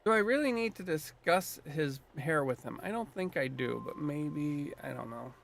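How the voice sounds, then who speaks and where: A man's voice: fairly high pitch, expressive, creaky, a bit bright. Man musing through a game stream. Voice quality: musing, unhurried, thinking aloud. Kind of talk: casual let's-play commentary.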